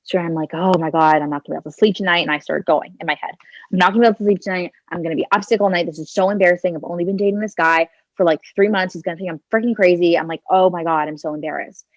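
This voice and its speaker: A woman in her twenties tells a personal story as a podcast guest, leaning on filler words and voicing her own thoughts. Her voice sits fairly low. She speaks into a handheld phone, so the sound is dull and lo-fi with no room echo. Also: rapid-fire. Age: 20s. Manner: chatty, leans on "like" and "kinda", acts out her own thoughts.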